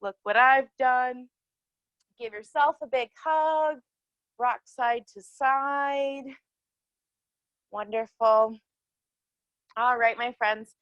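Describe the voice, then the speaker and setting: High-voiced, slow, cheery kids yoga teacher. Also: female voice, a bit bright, dry recording, lo-fi sound. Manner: cheerful, encouraging, sing-song cues to children. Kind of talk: guided kids yoga class. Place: outdoors in a yard.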